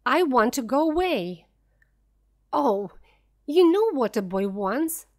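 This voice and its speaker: A high, eager little boy's voice, as a woman reading the story puts him on. He sounds calm and strangely knowing, and his lines come out slowly and brightly in a storybook reading. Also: heavily acted.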